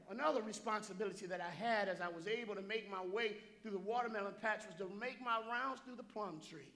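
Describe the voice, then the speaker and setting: A pastor preaching a sermon in a church, repeating phrases and calling out to listeners by name. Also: male voice, high-pitched, quick pace, hardly any pauses, bright, forceful tone. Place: church sanctuary.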